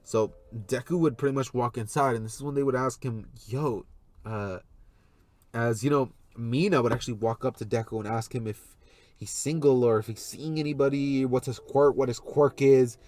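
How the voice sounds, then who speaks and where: A man's voice: mid-range voice, fairly even intonation, moderate pace, a little mellow, dry recording. A man casually narrating a fan story, rambling with many fillers and loose links.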